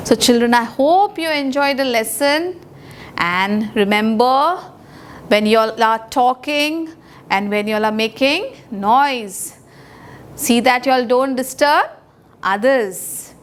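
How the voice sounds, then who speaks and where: A woman with an Indian English accent teaching young children a recorded English lesson, speaking slowly and deliberately and spelling words out letter by letter. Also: a little high, slight background noise.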